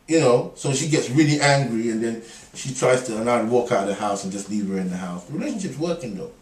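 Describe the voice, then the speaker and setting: A man's voice: on the low side, animated, fast, darkish tone. A middle-aged man, a guest in a casual interview, telling jokes and rambling stories with frequent laughter. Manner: laughing, joking, rambling storyteller. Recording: echoey room, mic far off, faint ambience.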